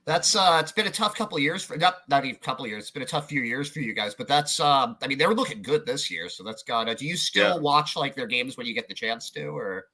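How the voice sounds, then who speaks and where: A man's voice: medium pitch, lively intonation, fast, hardly any pauses, bright, forceful tone. A man hosting a sports podcast, chatting casually with a guest, with lots of fillers and restarts. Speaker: podcast host. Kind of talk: casual interview chat.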